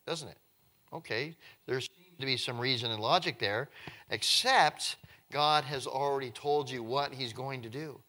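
A man preaching a sermon, reading scripture slowly and then retelling it in plain, casual words. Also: a little high, sharp tone. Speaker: pastor.

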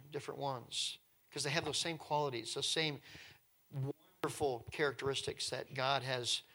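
A male preacher with a voice on the high side delivers a sermon as lively storytelling. He swings between hushed tones and loud ones and often repeats words.

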